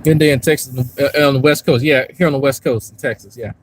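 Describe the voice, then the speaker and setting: This YouTube commentary streamer talks to his chat in a loose, rambling way, cursing as he goes, starting in a park and ending up in a parked car. He speaks fast at a medium pitch with fairly even intonation, captured on a rough recording.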